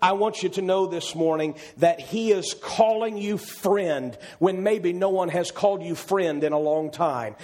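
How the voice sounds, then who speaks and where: High-voiced man preaching a sermon. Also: measured pace, few pauses. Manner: impassioned, repetitive, builds to shouted climaxes.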